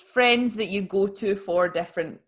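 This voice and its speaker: A young woman co-hosting a podcast over a video call, talking in a playful, animated way and laughing while she speaks. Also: medium pitch, normal speed. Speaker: podcast co-host. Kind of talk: casual chat.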